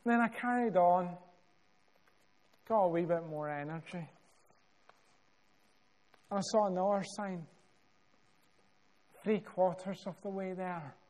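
A Scottish man preaching a sermon, telling a story with measured, dramatic pauses and building emphasis. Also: sits high, a little mellow.

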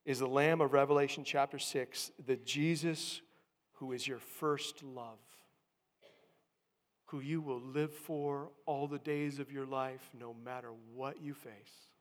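A man preaching a sermon, swinging from hushed tones to loud emphatic calls. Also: medium pitch, steady tone, slow pace, in a large hall.

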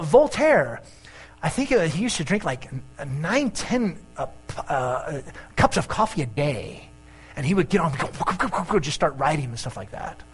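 A male pastor preaching a sermon in an animated way, mixing jokes and asides into his points. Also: high voice, husky, poor audio.

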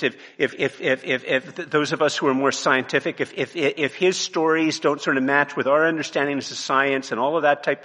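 A man preaching a sermon from his notes, emphatic, dropping to a hush and then rising to loud, pressing points. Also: on the high side. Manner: emphatic, swings from hushed to loud.

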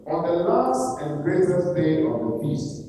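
A man's voice: high voice, lively intonation, a little slow, mellow, a little hiss or hum. Distant man reading scripture in echoey hall. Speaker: scripture reader. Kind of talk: reading Bible verses aloud.

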